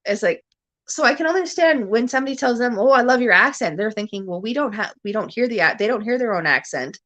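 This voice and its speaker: A woman's voice: fairly high pitch, animated, fast, fairly bright tone, muffled recording. A woman from Ontario with a Canadian accent, hosting a rambling, casual chat at home and laughing often. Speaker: livestream host. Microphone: camera on a stand.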